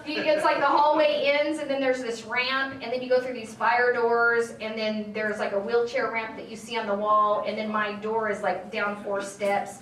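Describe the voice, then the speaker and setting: A tired woman politician from California tells a story to a crowd at a meeting and playfully acts out every line of the dialogue. Her speaking voice sits somewhat high. The recording is distant and echoey, with faint room noise. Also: moderate pace, hardly any pauses. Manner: animated storyteller acting out dialogue. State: tired from lack of sleep. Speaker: state assembly member speaking to a political group. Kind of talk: casual storytelling speech. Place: meeting hall with an audience.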